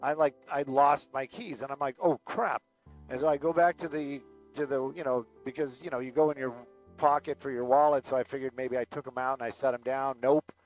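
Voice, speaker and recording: Man, middle pitch, casual rambling story, lots of fillers, headset mic, cockpit, faint music behind. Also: steady tone, fairly quick, low-quality recording. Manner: chatty, loose, full of fillers and acted-out quotes. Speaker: aerial news pilot and livestream host.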